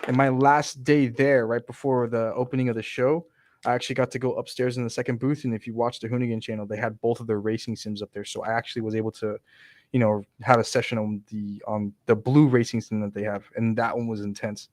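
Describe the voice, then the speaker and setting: Fast-talking excitable man. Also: medium pitch, no room sound. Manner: excitable, chatty, laughs often. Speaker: PC builder. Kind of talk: casual chat on a livestream.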